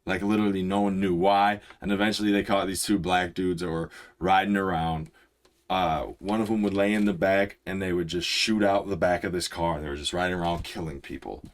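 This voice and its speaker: Man, young adult, deep voice, casual reaction commentary, rambling, excited explainer. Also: a little fast. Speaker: music reaction host.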